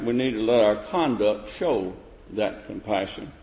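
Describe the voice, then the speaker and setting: A man's voice: fairly low pitch, animated, unhurried, darkish tone. A man preaching a sermon, rising to emphatic questions and often restarting his phrases. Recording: echoey hall, dull lo-fi sound.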